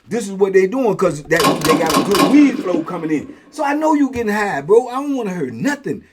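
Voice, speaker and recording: A man's voice: high voice, very animated, brisk, slight background noise. A middle-aged man hosting a show, telling a story in casual, slang-heavy talk and acting out both sides of the conversations. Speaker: host and storyteller.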